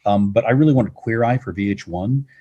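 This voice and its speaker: Middle aged guy on a podcast, low husky voice, easygoing stories. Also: brisk, lo-fi sound. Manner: relaxed anecdotal storytelling. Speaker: podcast guest, TV executive. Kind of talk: interview answers.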